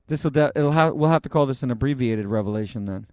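A man, a pastor, teaching the Bible verse by verse in a conversational way, with joking asides and loud, emphatic readings of the scripture. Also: mid-range voice, fast, no echo, clean studio sound.

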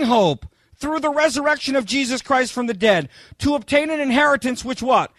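Emphatic high-voiced male preacher. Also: animated, dry recording. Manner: emphatic, quizzes the congregation with "what?"; swings between loud proclaiming and quick asides. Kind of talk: sermon.

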